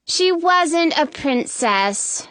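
A haughty young stepsister, as a woman reader puts her on. She drops lower and sounds dismissive, slow and close. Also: animated, a bit bright, dry recording, full character voice. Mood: snooty.

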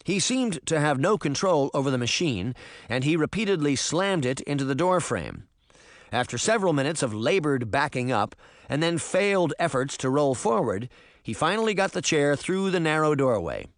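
A man narrating a story as an audiobook, with expressive storytelling. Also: on the high side, moderate pace, no room sound, studio quality.

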